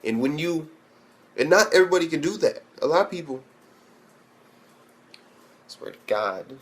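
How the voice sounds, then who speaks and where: A man's voice: a little high, expressive, normal speed, a bit bright. A young man ranting bluntly and profanely in an anime review, rambling with restarts. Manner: profane and blunt, heavy swearing.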